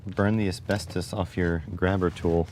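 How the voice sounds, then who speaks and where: A man's voice: sits low, little pitch movement, moderate pace, darkish tone, a little hiss or hum. A man hosting a casual livestream, thinking aloud step by step as he works, with wry asides to his viewers. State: recovering back injury. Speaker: livestream host. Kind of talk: casual livestream chat while tinkering.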